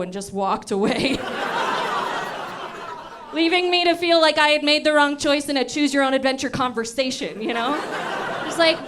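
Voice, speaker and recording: A woman's voice: high-pitched, normal speed, pauses often, noisy background. A woman in her thirties doing a stand-up comedy set in a comedy club, telling self-mocking stories playfully into a handheld mic. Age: 30s.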